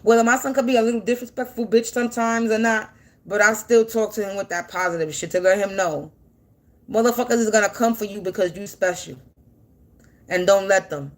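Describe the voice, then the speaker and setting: A woman's voice: medium pitch, a little fast. A woman in her forties gives an unscripted monologue to camera. She is defiant and blunt, swears freely, and hammers her points home through repetition. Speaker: spiritual content creator.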